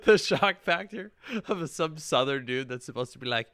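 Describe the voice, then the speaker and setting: A man's voice: medium pitch, animated, normal speed, a bit bright, dry recording. A man co-hosting a casual film podcast, dropping dry, wry quips. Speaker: podcast co-host. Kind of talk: casual chat.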